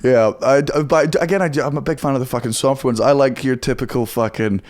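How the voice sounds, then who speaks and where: A young man with a Scottish accent talks on a podcast in a medium-pitched voice. He is quick, profane and self-mocking, with a loose, casual delivery. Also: fairly even intonation, a little mellow. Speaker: guest comedian. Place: podcast studio.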